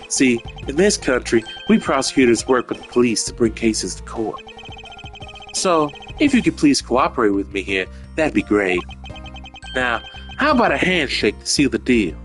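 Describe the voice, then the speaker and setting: Game voice: composed, polite prosecutor, measured and slightly low, streamer reading. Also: male voice, sing-song, fairly bright tone, faint music behind.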